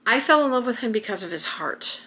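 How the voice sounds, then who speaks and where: A woman's voice: on the high side, animated, brisk, pushed and bright, husky. A middle-aged woman vlogging to camera, telling a personal story in a rambling, emotional way with many restarts. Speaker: YouTuber.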